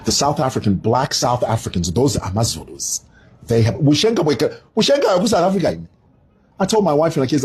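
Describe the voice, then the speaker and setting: A Zambian man in his fifties with a Zambian accent, giving casual commentary in an animated, digressive storytelling manner. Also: medium pitch, quick pace, slightly rough.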